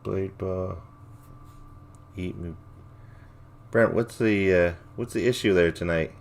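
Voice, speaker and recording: A man's voice: low-pitched, takes it slowly, vocal fry. A man hosting a livestream, chatting casually in a rambling, laid-back way and reacting to viewer comments. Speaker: livestream host.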